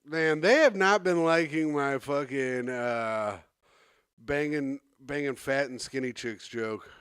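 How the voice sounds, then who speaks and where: A man's voice: mid-range voice, takes it slowly, fairly bright tone, clean tone, no room sound, clean studio sound. A man co-hosting a comedy podcast, telling a long, rambling story and acting out the other people in it. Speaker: podcast co-host. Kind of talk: casual comedy podcast chat.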